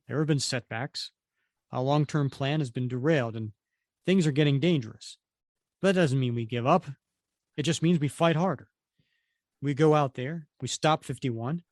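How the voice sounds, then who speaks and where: A man's voice: fairly high pitch, normal speed, no room sound, studio quality, natural voice. A man voicing an earnest young male team leader giving a rallying speech. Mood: determined.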